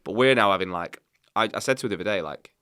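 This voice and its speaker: A man in his thirties, a podcast guest telling candid personal stories in a lively, casual way and swearing freely. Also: on the low side, very fast, smooth. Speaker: podcast guest, company founder. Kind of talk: casual conversational storytelling.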